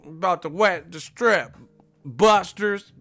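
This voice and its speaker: A man doing an impression of an older male comedian, talking slowly and drawn out, posing as tough. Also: high-pitched, pushed and bright, faint music behind, voice pushed up, full character voice. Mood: mock gangster. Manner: slow, drawn-out, mock-tough.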